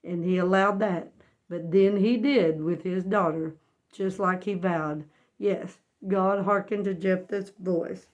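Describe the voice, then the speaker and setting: A woman's voice: mid-range voice, a little mellow. A woman teaching a Bible lesson as folksy storytelling, earnest and emphatic, often asking her listeners to guess what happened next.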